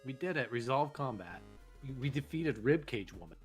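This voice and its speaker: A man's voice: mid-range voice, lively intonation, moderate pace, breathy edge, faint music behind. A man casually commenting on a horror game with a friend, reading its text aloud, swearing and laughing often. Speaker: let's play host.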